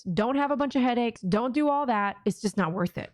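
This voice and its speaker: A woman's voice: a little high, expressive, a little fast, no room sound, clean studio sound. A middle-aged woman with a Texan accent, hosting a casual live-stream prayer session and chatting with viewers. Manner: chatty, talks to viewers and acts out her own inner voice. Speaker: livestream prayer host.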